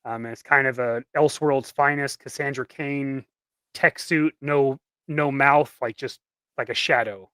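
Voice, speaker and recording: A man chatting casually on a livestream, relaxed and hesitant, with many ums as he explains ideas. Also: mid-range voice, measured pace, smooth, no room sound.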